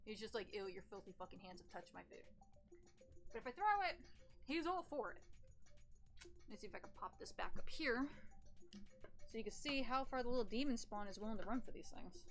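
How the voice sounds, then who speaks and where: A woman's voice: on the high side, expressive, fairly quick, pauses often, soft background music. A woman streaming casually from home, switching between baby talk to her cat and blunt, profane asides. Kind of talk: casual livestream chat. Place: at home in a room with a TV.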